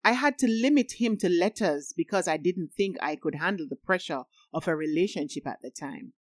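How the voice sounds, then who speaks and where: Audiobook part: a woman voicing a sarcastic young friend who loves to tease, in a low, dry read. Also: animated, a little fast, no room sound. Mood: shy. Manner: teasing, sarcastic. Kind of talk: audiobook reading.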